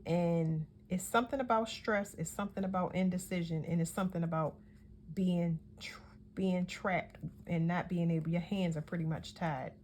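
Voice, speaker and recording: A woman's voice: fairly low pitch, steady tone, moderate pace, a little mellow, slight background noise. A woman giving a casual tarot reading, talking in a chatty, emphatic way and often correcting herself mid-sentence. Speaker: tarot reader.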